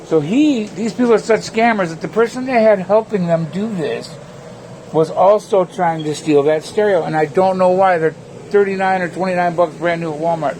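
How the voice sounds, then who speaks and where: A man's voice: high-pitched, normal speed, darkish tone, a little hiss or hum. A man vlogging from his home, rambling between topics in a casual, profane rant.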